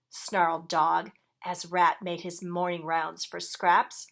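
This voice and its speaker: Slow gentle storytelling woman. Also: on the low side, gravelly. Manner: gentle, asks listeners questions. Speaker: storyteller reading to children. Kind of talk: picture-book read-aloud.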